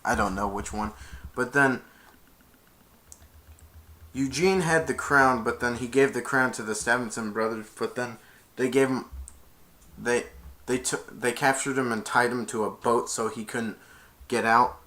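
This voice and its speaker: A man's voice: medium pitch, a little slow, long pauses, bright, forceful tone. A man casually retelling a movie, rambling with many restarts. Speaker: movie reviewer.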